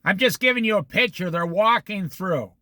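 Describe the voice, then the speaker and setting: A man leading an informal Bible study, explaining scripture in an animated, storytelling way and acting out the quotes. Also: high-pitched, moderate pace, dry recording.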